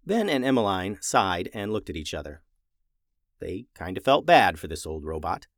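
A man reads a children's storybook aloud, his pitch rising and falling with lots of life. The voice is close and dry, with no room sound around it. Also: moderate pace, no room sound. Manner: lively, expressive reading. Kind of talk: storybook read-aloud for kids.

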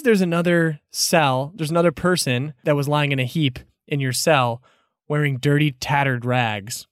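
A woman narrating as game master of a tabletop role-playing game, chatty and expressive. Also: deep voice, normal speed, no echo, clean studio sound.

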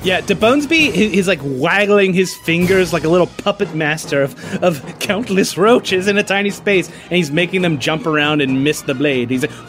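A man playing a tabletop game, animated and playful. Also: sits high, normal speed, few pauses, faint music behind. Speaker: player.

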